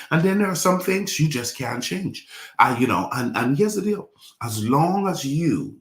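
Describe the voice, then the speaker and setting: A man's voice: fairly high pitch, very animated, moderate pace, roomy sound. A man preaching a sermon in a church, repeating phrases and calling the congregation to respond. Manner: repetitive, call-and-response preaching. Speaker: pastor.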